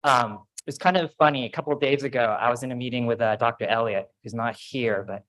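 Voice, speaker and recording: A man's voice: mid-range voice, quick pace, fairly bright tone, rough recording. A man at a podium in a big auditorium gives a ceremony speech. He talks in a loose, chatty way and pokes fun at himself as he tells stories. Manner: casual, self-deprecating storytelling. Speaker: faculty speaker. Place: large auditorium. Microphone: podium microphone.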